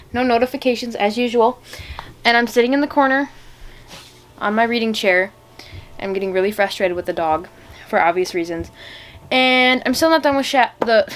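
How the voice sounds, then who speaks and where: A young woman chatting casually in a reading vlog, rambling and gushing with lots of fillers. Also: a little high. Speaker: vlogger.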